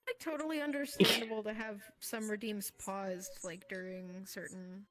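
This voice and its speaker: A woman's voice: mid-range voice, steady tone, normal speed, fairly bright tone. A young woman chatting casually with a guest streamer in VR, giggly and rambling with plenty of fillers. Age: young adult. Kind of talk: casual chat while streaming in VR.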